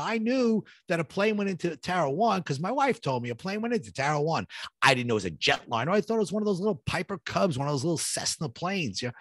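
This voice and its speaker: With a high, somewhat bright voice, a middle-aged man recounts the story of how he survived, speaking as a guest, acting out what each person said and building suspense vividly. The recording is studio quality and free of echo.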